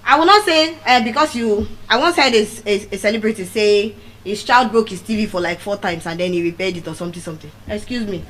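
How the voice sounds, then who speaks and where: A middle-aged woman with a Nigerian accent giving a motivational speech at a public event, telling personal stories with dramatic swings of pitch and loudness. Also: brisk, rough recording. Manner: animated storytelling with dramatic swings in pitch and volume. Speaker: public speaker. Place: venue of a public speaking event.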